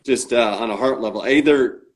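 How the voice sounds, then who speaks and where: A man at an average, middle pitch, talking as an interview guest in a relaxed, chatty way. He tells a story and slips into the voices of the people in it. His sentences restart often and run on with fillers. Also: moderate pace. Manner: acts out quoted dialogue in his stories. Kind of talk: casual storytelling chat.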